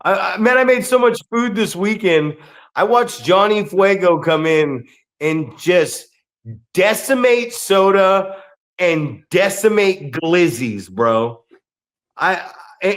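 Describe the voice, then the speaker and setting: A man's voice: high-pitched, animated, slow pace, fairly bright tone. A man co-hosting a wrestling podcast, telling crude rambling stories in casual chat and slipping into quoted voices. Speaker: podcast co-host.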